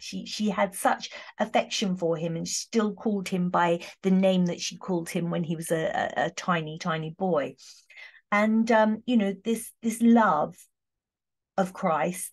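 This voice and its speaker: A woman chatting warmly through a tarot reading, heartfelt, with many fillers and restarts. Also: mid-range voice. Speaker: tarot reader. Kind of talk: casual tarot reading talk.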